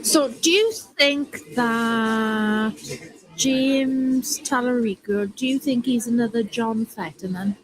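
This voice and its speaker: A woman co-hosts a political talk show, asking the host pointed questions and answering bluntly. Her voice sits somewhat high for a woman. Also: slow pace, low-quality recording.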